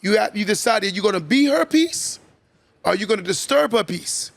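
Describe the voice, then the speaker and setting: A man with a high, gravelly voice delivers a motivational sermon-style talk on his podcast. He repeats his points and keeps asking "right?" for emphasis. The recording is dry and close, with no room sound. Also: lively intonation, a little fast, a bit bright, no echo. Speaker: podcast host.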